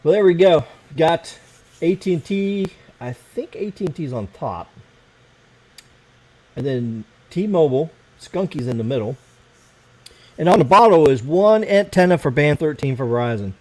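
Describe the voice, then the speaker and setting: A man's voice: on the high side, animated, unhurried, a little mellow, rough recording. An American man hosting a casual late-night livestream, rambling and swearing as he fiddles with his computer. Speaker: livestream host.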